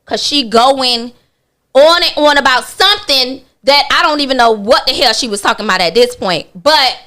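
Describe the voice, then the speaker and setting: A woman's voice: sits high, normal speed. Blunt woman telling a story on the radio. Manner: animated, acts out other people's lines in her retelling; blunt and candid, with casual swearing. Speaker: radio show guest. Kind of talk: personal storytelling on talk radio.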